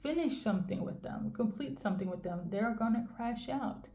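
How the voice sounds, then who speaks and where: A woman giving a casual tarot reading in a rambling, fairly monotone way, often checking in with "okay?". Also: a little high, moderate pace, reverberant, a little hiss or hum. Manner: monotone delivery. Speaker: tarot reader.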